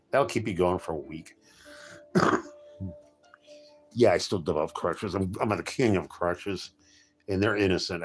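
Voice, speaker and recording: A middle-aged man chatting casually with viewers as a streamer, telling jokey stories with frequent restarts and self-corrections. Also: lowish voice. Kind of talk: casual rambling chat.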